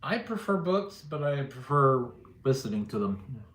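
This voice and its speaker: A man's voice: medium pitch, sing-song, measured pace, a bit bright. A middle-aged man hosting a casual livestream, joking easily and answering viewers' chat. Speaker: livestream host. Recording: echoey room.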